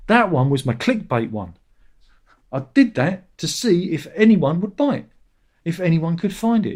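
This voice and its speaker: With a slightly rough, darkish tone, the middle-aged host grumbles his way through a casual livestream chat. He's sardonic throughout and parodies commenters in a high, whiny voice.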